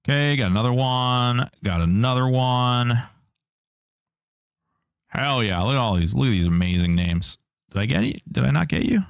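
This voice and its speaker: A man's voice: medium pitch, expressive, moderate pace, creaky, long pauses, clear, resonant tone, no echo. Streamer dude chatting over his game, teasing chat, dry close mic. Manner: chatty, jokey, reads and answers chat. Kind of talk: casual live-stream commentary.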